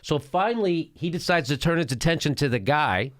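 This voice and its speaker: A middle-aged man hosts a show, talking fairly quickly in a voice on the high side as he reacts to a video. He jokes around, stays animated, and laughs a lot throughout his casual comedic commentary.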